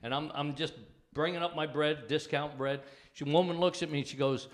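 An older man, a comedian, telling stories in a rambling, halting way during a casual studio chat. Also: on the high side, steady tone. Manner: rambling, halting, many restarts. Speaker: comedian guest. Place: TV studio with live audience.

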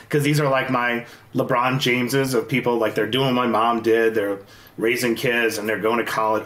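A man in his forties talks candidly as a guest, telling stories in quick bursts full of restarts. His voice sits at an ordinary pitch. The recording is roomy, with noticeable echo. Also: a bit bright. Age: 40s. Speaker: guest, investor. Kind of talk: casual podcast interview.

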